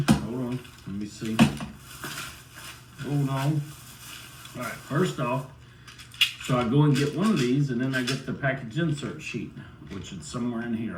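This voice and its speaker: A middle-aged man tells a long personal story in a loose, meandering way and keeps circling back to his point. He sits well away from the microphone, so his voice comes across roomy and distant, with a faint hum of room noise behind him. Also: mid-range voice. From United States. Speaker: vlogger. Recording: roomy sound, far from the mic.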